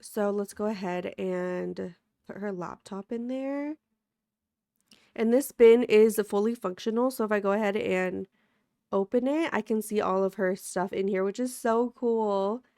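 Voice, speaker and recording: A woman's voice: mid-range voice, a little slow, mellow, no room sound. Woman gaming host, sleepy and under the weather, giggly chatter, dry close mic. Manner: chatty, giggly, talks to viewers. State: sleepy and sick. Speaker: let's play host. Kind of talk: casual gameplay commentary.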